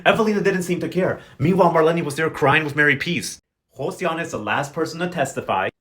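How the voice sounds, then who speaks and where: Sassy young man with a slightly high voice. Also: fast, a bit bright. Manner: sassy, slangy, gossipy commentary. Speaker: vlogger recapping a soap opera. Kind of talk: casual recap vlog.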